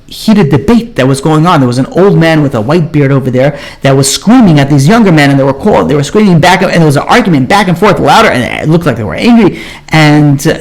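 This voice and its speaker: A man who is a rabbi, telling a story in a sermon, speaking casually with many fillers like "you know" and "like". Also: fairly high pitch.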